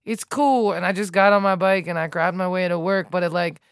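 A woman's voice: on the low side, quick pace, smooth, no echo, studio quality. A woman in casual conversation, telling stories animatedly and acting out quotes. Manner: animated storyteller, acts out quotes.

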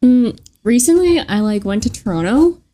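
A woman's voice: on the high side, big pitch swings, normal speed, a loud crowd. A young woman guest in a casual podcast chat, giggling often and filling her talk with "like". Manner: giggly, lots of "like" fillers.

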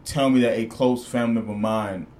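A man's voice: medium pitch, fast talker, slight background noise. A man in his thirties hosting a podcast, chatting casually and rambling with plenty of swearing. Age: 30s. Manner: profane, rambling, animated. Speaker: podcast host. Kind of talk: casual chat.

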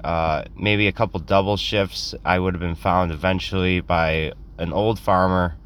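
A man's voice: sits low, fairly even intonation, moderate pace, a bit bright, clean tone. A young man telling a rambling, self-deprecating comic story in a casual way, acting out quotes in other voices.

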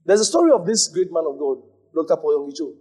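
A man pastor teaching a congregation, animated, repeating phrases and acting out moments as he preaches. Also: a little high, fast, breathy edge. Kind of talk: church teaching with questions.

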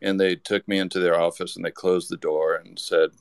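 A man's voice: low voice, flat delivery, fairly quick, smooth, dry recording. A man telling a rambling anecdote as a podcast guest, with lots of restarts. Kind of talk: casual storytelling.

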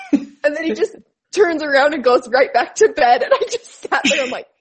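A woman chatting casually, telling her own story with animated giggles. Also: high-pitched, normal speed. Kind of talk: casual chat.

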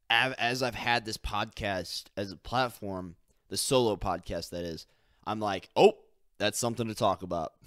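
A young man talking on his own podcast in a loose, filler-heavy ramble with some swearing. His voice sits a little low and sounds smooth and resonant. The sound is dry and close to the mic. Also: a bit bright, dry recording. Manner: casual, filler-heavy, swearing, mimics others. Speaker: podcast host.

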